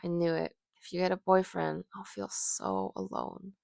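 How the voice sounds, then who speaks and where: A woman's voice: mid-range voice, animated, normal speed, vocal fry, no echo, studio quality, voice pushed up. A woman voicing a shy, clingy young woman who hesitates and frets. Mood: whiny. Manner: hesitant, whiny.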